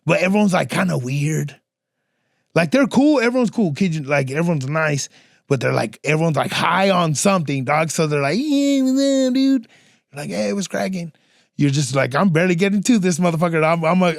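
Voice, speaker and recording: Young dude, highish voice, solo podcast storytime, cussing and slang everywhere, super dry close sound. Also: male voice, a little fast, gravelly, dry recording. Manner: slangy, profane, acts out other people's lines. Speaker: podcast host.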